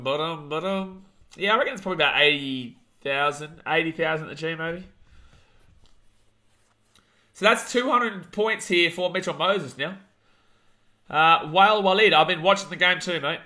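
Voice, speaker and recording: A young Australian man hosting a live watch-along of a rugby league match, calling the play, reading chat and ranting, shouting at big moments. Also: fairly high pitch. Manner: excitable, rants, shouts at big plays.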